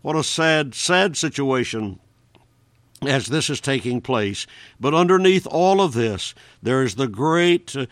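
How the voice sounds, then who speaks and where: A man delivering an earnest Bible sermon, addressing each listener directly. His voice sits at an ordinary middle pitch and is recorded close and dry, with no room sound. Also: animated, measured pace, dry recording. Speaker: preacher. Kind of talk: radio-style Bible exposition sermon.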